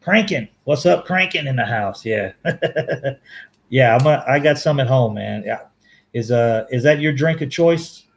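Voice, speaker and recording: A man hosting a casual live-stream sports talk and reading viewer comments. He rambles with halting restarts and frequent self-corrections, and laughs easily. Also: mid-range voice, animated, creaky. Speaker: fan show host reading live chat.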